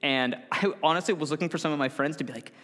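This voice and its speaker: A man's voice: a little high, fast, fairly bright tone. A man preaching a casual, conversational sermon to a congregation, often correcting himself and acting out what people said. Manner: conversational with self-corrections and acted-out quotes. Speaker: pastor. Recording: long hall reverb.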